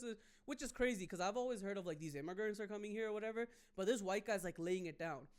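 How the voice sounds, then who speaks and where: A man from Canada, a stand-up comedian hosting a podcast, telling a story in a rambling, animated way. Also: high-pitched, fast talker, clear, resonant tone. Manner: rambling, animated, with many fillers.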